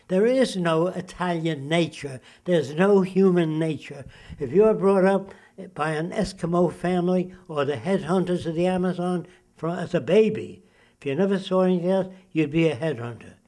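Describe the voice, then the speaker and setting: An older man, a futurist being interviewed, lectures emphatically in a monologue and asks rhetorical questions. His voice is high and mellow, at a normal speed.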